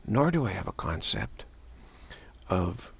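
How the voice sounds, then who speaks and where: Very husky, gravelly low-voiced man. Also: huge pitch swings, slow, a bit bright. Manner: repetitive, stumbling over tongue-twisting phrases; casual and musing, many fillers. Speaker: spiritual teacher. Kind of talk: rambling spiritual talk.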